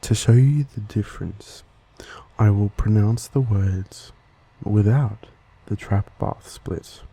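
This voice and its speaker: A man with an Australian accent, giving a soft-spoken ASMR lesson into a stereo microphone and pronouncing each word slowly and carefully. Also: lowish voice, husky. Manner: slow, careful, gentle enunciation. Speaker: ASMR channel host. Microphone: Blue Yeti microphone, stereo.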